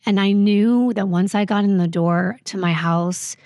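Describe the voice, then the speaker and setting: Woman, podcast guest, personal storytelling, gravelly fry, dry close mic, halting with fillers. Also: medium pitch, a little mellow, dry recording. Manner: halting, reflective, with many fillers.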